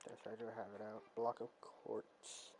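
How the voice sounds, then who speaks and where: A man's voice: on the low side, flat delivery, measured pace, a little mellow, slight background noise. A male livestreamer chatting casually, giving brief reactions and murmuring to himself. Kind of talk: casual chat.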